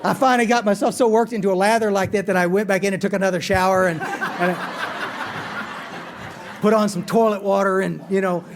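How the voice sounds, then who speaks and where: A man's voice: high-pitched, fairly even intonation, fairly quick, long pauses, background noise. A man giving a talk at a recovery meeting, telling his story earnestly and poking fun at himself, often stopping and restarting his sentences. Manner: earnest, self-deprecating storyteller with frequent restarts. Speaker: AA speaker. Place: conference hall.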